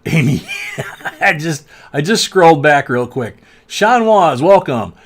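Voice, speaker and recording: A man in his sixties hosting a casual coin-searching livestream, rambling with lots of "um"s and soft chuckles. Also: on the high side, very animated, slow. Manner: rambling, chuckling, many fillers. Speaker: coin channel host.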